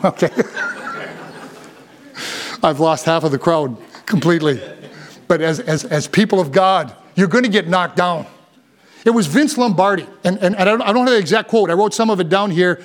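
An older man preaching a sermon, building from calm talk to near-shouted passion. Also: high-pitched, brisk. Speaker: pastor.

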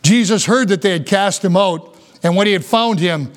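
A man preaching a sermon as pastor, reading scripture slowly and then building to fervent appeals. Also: sits high.

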